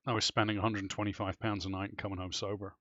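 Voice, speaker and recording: A man's voice: fairly low pitch, racing, no room sound, muffled recording. Swearing Irish man telling stories. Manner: animated, swears freely, restarts often. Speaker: streamer chatting with clanmates. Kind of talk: casual storytelling chat.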